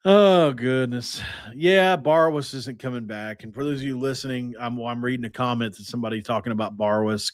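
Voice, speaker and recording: A man hosting a casual sports podcast, energetic and rambling as he reels off stats. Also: mid-range voice, dry recording. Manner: energetic, stat-heavy, rambling. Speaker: podcast host.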